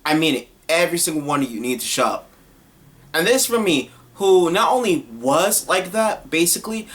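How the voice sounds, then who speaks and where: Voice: mid-range voice, a bit bright. Exasperated commentator on a blunt rant. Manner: exasperated, blunt, scolding, casual slang. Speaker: online commentator. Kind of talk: heated opinion rant.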